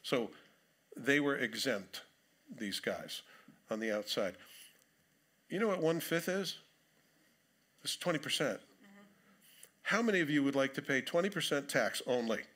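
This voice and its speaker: A man's voice: medium pitch, animated, a little slow, pauses often, a bit bright. A man preaching a sermon in a church, reading scripture aloud and breaking off into conversational, dryly humorous asides. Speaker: pastor. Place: church sanctuary.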